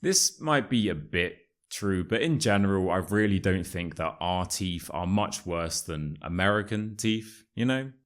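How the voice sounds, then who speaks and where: A man's voice: low voice, lively intonation, a little slow, hardly any pauses. A British man hosting a casual English lesson video, joking and matter-of-fact, with British slang. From United Kingdom. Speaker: English teacher, YouTube host.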